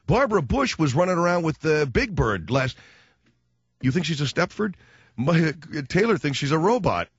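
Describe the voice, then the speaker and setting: A male radio talk host rambles through a comic monologue, his pitch leaping up and down as he jokes and acts out little scenes. The sound is dry and close, a bit dull, as from an old studio broadcast. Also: very animated, moderate pace, slightly rough, no echo.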